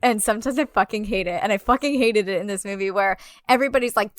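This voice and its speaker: A woman's voice: medium pitch, quick pace, few pauses, no echo, studio quality. A woman co-hosting a podcast, talking casually and animatedly about a film, with lots of "like" fillers and the odd swear. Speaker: podcast co-host.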